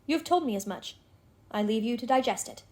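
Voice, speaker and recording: A woman voicing a destitute, menacing male stranger who speaks in low, urgent, threatening tones. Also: lively intonation, fairly quick, darkish tone, close to an everyday voice.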